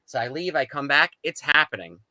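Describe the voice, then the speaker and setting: A man's voice: on the high side, fairly quick, no room sound, poor audio. A man, a guest on a talk show, telling his story casually and animatedly, acting out the people he quotes. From United States. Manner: animated, acts out quoted dialogue.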